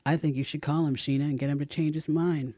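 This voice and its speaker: A man's voice: a little high, fairly even intonation, fast, dark tone, no room sound, clean studio sound, close to an everyday voice. A man voicing a decisive, teasing female colleague in an audiobook. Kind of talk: audiobook narration.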